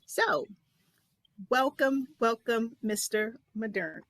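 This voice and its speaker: A woman's voice: a little high, expressive, slow pace, vocal fry, fairly bright tone, no room sound. A woman hosting an interview talk show, chatting casually and asking about her guest's life.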